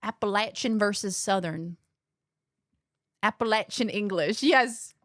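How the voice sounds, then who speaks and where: A young woman talks casually to her stream chat, hopping from one aside to the next. Her voice sits at an average pitch. It is recorded dry and close at home on a desk mic. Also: fairly bright tone, no echo. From Australia. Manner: chatty, quick asides to chat. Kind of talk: casual chat while gaming.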